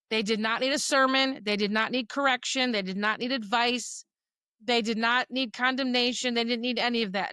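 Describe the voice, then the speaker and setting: A middle-aged woman co-hosts a faith-based podcast, speaking earnestly and from the heart. Her voice is bright and slightly high. The recording is close-miked and dry, with no room sound. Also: clear, resonant tone, no room sound. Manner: earnest, emotional at times, uses quoted dialogue. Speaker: podcast co-host. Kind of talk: personal faith talk.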